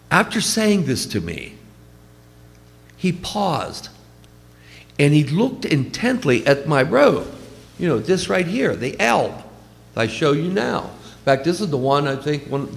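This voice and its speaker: Gravelly man preaching in a reverberant hall. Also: on the high side. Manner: storytelling, warm and conversational. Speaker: priest. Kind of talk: funeral homily.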